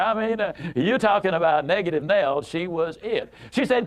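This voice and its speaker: A man with a high-pitched voice gives a motivational speech in a folksy storytelling style. He leans hard on emphasis and repeats words and phrases for effect. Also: expressive, a little fast, hardly any pauses. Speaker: motivational speaker.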